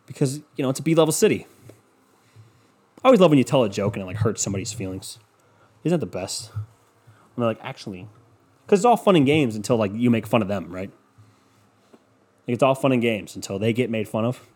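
A young man riffing alone on his podcast, loose and profane, with sarcastic tangents that wander off and circle back. His voice sits at an ordinary, middle pitch. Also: animated, quick pace, long pauses, darkish tone, slightly rough. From Cleveland. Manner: scatterbrained, profane, sarcastic ranting. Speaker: podcast host. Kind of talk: rambling solo podcast monologue. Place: home room with windows open.

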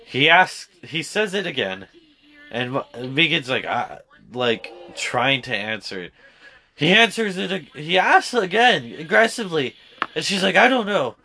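A young man in his twenties telling a story in casual chat, animated and profane. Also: fairly high pitch, a little slow.

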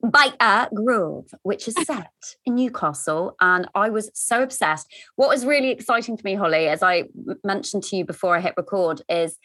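Bright, enthusiastic woman podcast host. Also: medium pitch, animated, moderate pace. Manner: enthusiastic and gushing, with laughs and stumbles. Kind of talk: conversational interview.

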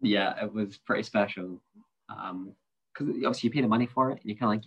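Low-voiced man, dull lo-fi sound. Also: brisk, husky. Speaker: podcast co-host. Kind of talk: casual travel chat.

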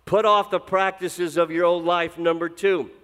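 A middle-aged man preaching a sermon as pastor, swinging from loud emphatic lines to low, intense drops. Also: steady tone, normal speed, smooth. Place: church sanctuary. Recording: long reverb of a church hall.

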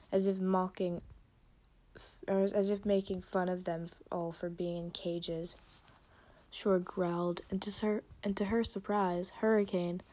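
A woman hosting a podcast, reading her own story aloud casually, stumbling and correcting herself, clearing her throat often. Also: lowish voice, dark tone. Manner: stumbling, restarts and self-corrections.

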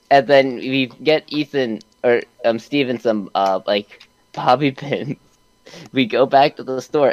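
A man's voice: medium pitch, muffled recording. Young man recapping a game, laughing. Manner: animated storytelling, laughing, many fillers. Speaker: podcast co-host recapping a game. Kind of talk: casual chat.

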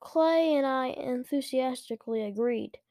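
Brief: woman reading a kids' book aloud, unhurried, slightly high, dry recording. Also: mellow, dry recording. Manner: careful, with small restarts. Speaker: story reader.

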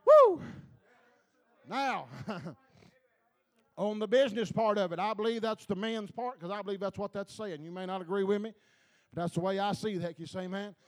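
A male preacher delivering a fervent sermon, halting with filler sounds, laughing and calling out to the congregation. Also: high voice. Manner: fervent, repeats calls to the congregation, laughs between lines.

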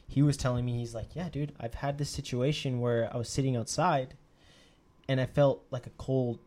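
A young man casually telling a story, swearing a lot and acting out the quotes of others with sudden jumps in his voice. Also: normal speed. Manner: animated, profane, acts out quotes with sudden pitch jumps.

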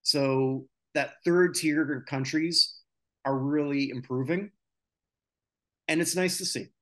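A man's voice: on the high side, takes it slowly. Opinionated man venting about sports. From North America. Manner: opinionated, ranting, many filler "uh"s. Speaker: podcast host. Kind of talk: casual sports chat.

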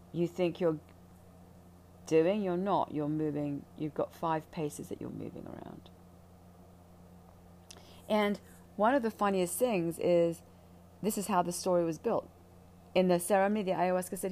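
Blunt, profane woman with a warm low voice. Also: slight background noise. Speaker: ayahuasca ceremony guide. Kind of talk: candid spiritual talk.

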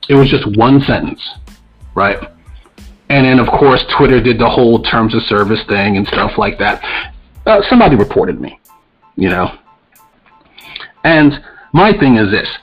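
A man talks bluntly and profanely as a podcast co-host, ranting in a casual, opinionated way. His voice sits at an ordinary middle pitch. The audio is dull and lo-fi, with faint music underneath. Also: lively intonation, normal speed, pauses often, breathy edge.

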